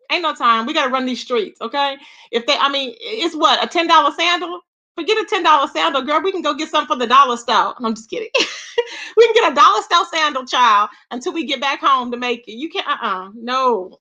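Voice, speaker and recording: A woman with a high voice hosts a livestream, gossiping animatedly with viewers in a casual way. She thanks people by name and laughs often.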